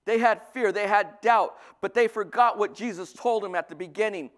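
A male pastor preaching a sermon, lively, swinging from loud bursts to soft asides. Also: high-pitched, normal speed.

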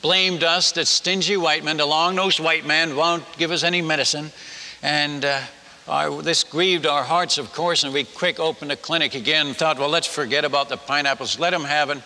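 A man's voice: fairly high pitch, steady tone, moderate pace, sharp tone. An older man with a Dutch accent, telling a humorous missionary story as a sermon in a folksy way, with many restarts. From Netherlands. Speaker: missionary speaker. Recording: long hall reverb with faint noise.

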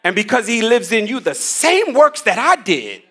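Man, fairly high voice, energetic Bible study teaching, slangy, calls out to the room, headset mic. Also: moderate pace, slightly rough. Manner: energetic, slangy, call-and-response preaching. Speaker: pastor leading Bible study. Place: church room with a group.

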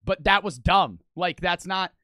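A man's voice: high-pitched, unhurried, pushed and bright, no room sound, clean studio sound. A young man giving rambling, argumentative reaction commentary, swearing often and restarting his sentences. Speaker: online reaction streamer.

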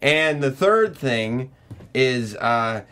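A man's voice: medium pitch, expressive, very slow, bright, forceful tone. Dry wry guy co-host, voice jumps around a lot. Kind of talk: casual chat.

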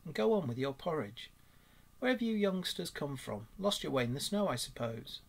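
Man reading a friendly water rat, husky and pleasant, kinda reassuring. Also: a little high, very animated, moderate pace, exaggerated voice. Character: kindly male water rat, pleasant host.

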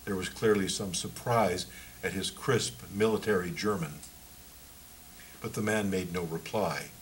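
Low-voiced man reading his book. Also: unhurried, slight background noise, rough recording.

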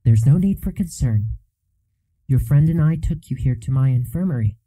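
A man voicing a caring woman school nurse and healer who chides gently and then reassures. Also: medium pitch, expressive, normal speed, close to an everyday voice, rough recording. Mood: reassuring.

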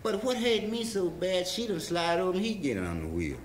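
A man's voice: sits high, big pitch swings, brisk, roomy sound, background noise. A man telling a rambling story in a loose drawl, talking blues over guitar. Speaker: blues singer. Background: electric guitar playing.

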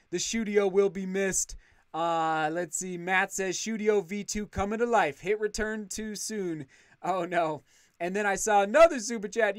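A man's voice: high-pitched, no echo. A man in his thirties hosting a running live stream from his home studio, reading viewer messages with eager gratitude and frequent restarts. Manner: enthusiastic, grateful, often restarts words. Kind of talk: live stream chat, reading super chats.

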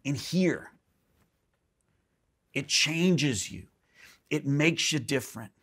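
Preaching slowly in a slightly rough male voice, a pastor gives a lively church sermon, springing up high to stress a point and sinking soft again.

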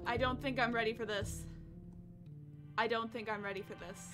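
A woman hosting a let's play, chatting to game creatures and breaking into excited shrieks. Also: on the high side, moderate pace, music in the background. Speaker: gaming channel host. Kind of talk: let's play gaming commentary.

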